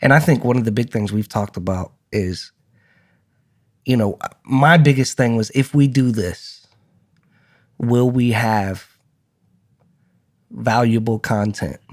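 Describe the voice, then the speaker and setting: A man's voice: medium pitch, slow pace, pauses often, a little mellow. A man co-hosting a podcast in casual chat, talking with energy, often repeating words and laughing between points. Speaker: podcast co-host.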